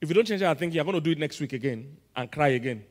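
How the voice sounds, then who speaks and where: A man's voice: a little high, expressive, rapid-fire. A man with a Nigerian English accent, preaching a sermon and quizzing his congregation in call-and-response style. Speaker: pastor. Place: large church auditorium. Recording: long reverb of a large church hall.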